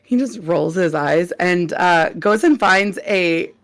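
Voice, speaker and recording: A woman playing her character in a tabletop game, playful and quick to laugh. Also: on the low side, animated. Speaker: player.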